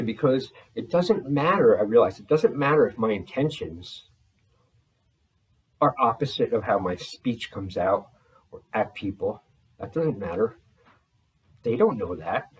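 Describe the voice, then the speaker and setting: A man talking in a rambling video journal, holding back a restless energy and slowing himself down on purpose. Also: medium pitch, recorded from a distance, rough recording. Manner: restless, deliberately slowed and restrained delivery; frequent fillers and restarts. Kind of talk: rambling personal journal talk. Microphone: laptop.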